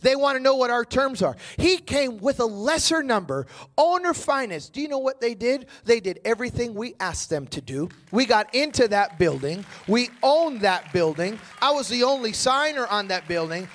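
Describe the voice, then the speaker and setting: High, swingy male preacher acting out his story. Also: normal speed. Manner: animated, acting out dialogue. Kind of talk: sermon storytelling.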